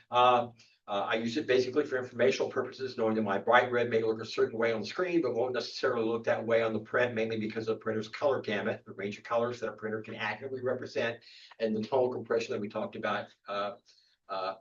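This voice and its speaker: A man's voice: on the low side, slight background noise. An older man talks a camera club through a casual workshop, rambling along with lots of restarts and fillers. He is picked up from well back in the room. The sound is dull and muffled. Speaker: photography instructor. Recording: distant, dull room recording.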